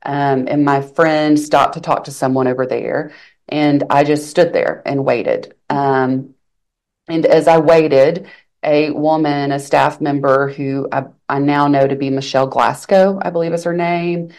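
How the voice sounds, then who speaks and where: A woman's voice: low voice, a little slow. A woman attorney from Arkansas, telling her story in an interview and quoting the people she met. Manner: animated, quotes others' lines while recounting events. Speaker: attorney guest.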